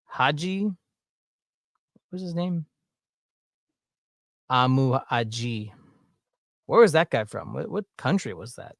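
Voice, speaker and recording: A man with a thick Southern drawl chats his way through a watch-along, wandering from thought to thought. His tone is offhand and filler-heavy, with frequent laughter. The voice sits at an ordinary male pitch, recorded close and dry. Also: animated, slow, creaky, long pauses, no echo. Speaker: streamer reacting to videos. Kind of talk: casual watch-along commentary.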